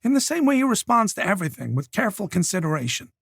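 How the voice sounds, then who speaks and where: A man narrating an audiobook voices a cold, scheming woman who stays calm and firm, with a clipped, controlling manner. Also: sits high, fast talker, creaky, husky, no echo, clean studio sound, pitched above the performer's own voice, exaggerated voice. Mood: cool, persuasive. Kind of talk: audiobook character voice.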